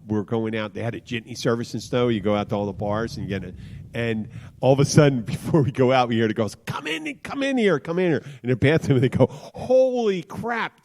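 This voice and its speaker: A man's voice: medium pitch, darkish tone. A man co-hosting a casual talk radio show, telling loose, rambling stories with frequent restarts. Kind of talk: casual chat, storytelling.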